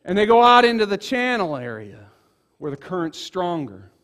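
Preacher guy, pretty high voice, tells stories all animated. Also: moderate pace. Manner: animated storyteller, acts out voices. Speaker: pastor. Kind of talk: sermon with storytelling.

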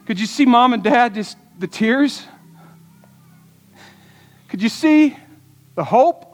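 High-voiced preacher in an echoing hall. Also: male voice, expressive, slow pace. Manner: earnest, storytelling preacher with rhetorical questions. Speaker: pastor. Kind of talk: sermon. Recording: long hall reverb.

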